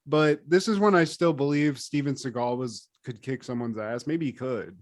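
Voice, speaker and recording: A man's voice: medium pitch, normal speed, dry recording. Dry-sounding, joking male podcast host. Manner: joking and profane, laughs often. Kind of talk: casual chat.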